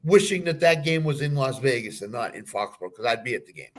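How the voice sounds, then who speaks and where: A guest on a football podcast talks casual sports in a mid-range voice, very animated and fast. He's emphatic and repeats short phrases for punch.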